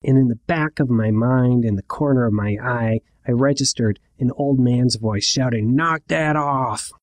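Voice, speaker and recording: A man's voice: medium pitch, normal speed, darkish tone, no room sound. Middle-aged man, personal storytelling, wry asides, dry close sound.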